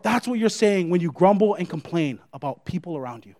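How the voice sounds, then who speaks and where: High-voiced man preaching a sermon. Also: expressive, a little fast, hardly any pauses, mellow. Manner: emphatic, repeats points and checks in with "right?". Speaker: pastor.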